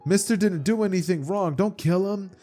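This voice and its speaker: A man voicing a pleading young boy in a high-pitched voice. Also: moderate pace, mellow, soft background music, natural voice.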